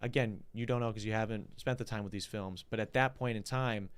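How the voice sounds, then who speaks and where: A man's voice: on the low side, steady tone, a little fast, clean tone. A man hosting a casual podcast chat, loose and joking, swearing freely and calling his guest bro. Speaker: podcast host.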